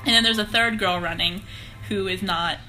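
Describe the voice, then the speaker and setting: A woman's voice: mid-range voice, moderate pace, sharp tone, soft background music. A young woman co-hosting a podcast, agreeable and giggly, chatting casually while recapping a TV episode. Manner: agreeable, giggly, keeps saying yes. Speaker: podcast co-host.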